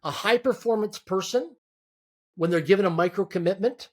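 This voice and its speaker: A man with a notably high speaking voice talks as a guest on an interview podcast. He gives motivational business advice in an emphatic, driving way. He often repeats words and restarts phrases, and he stacks his points into quick lists. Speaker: guest entrepreneur.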